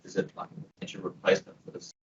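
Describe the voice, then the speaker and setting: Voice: racing, dull audio, slight background noise. A moderator reading out audience questions in a hesitant way, with fillers. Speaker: session moderator.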